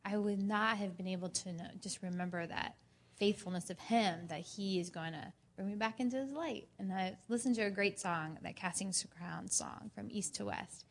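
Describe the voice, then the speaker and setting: A woman in a church group sharing an earnest personal testimony, telling her story in an animated way. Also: mid-range voice, moderate pace, vocal fry.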